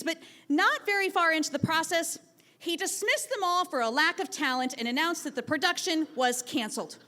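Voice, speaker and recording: A woman teacher telling a personal story live on a theatre stage, acting out the voices of the people she quotes. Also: sits high. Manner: animated, acts out quoted voices.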